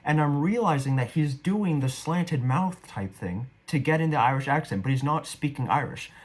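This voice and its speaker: A man's voice: a little high, expressive, normal speed. A young man giving casual, rambling commentary on his own stage performance, a bit self-deprecating. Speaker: actor reviewing his performance.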